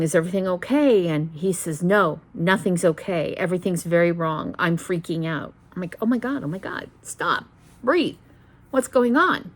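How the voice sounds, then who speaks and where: A middle-aged woman hosting a stitching vlog, telling a personal story in a rambling, casual way with many pauses and restarts. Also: mid-range voice, a little hiss or hum. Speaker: flosstube host.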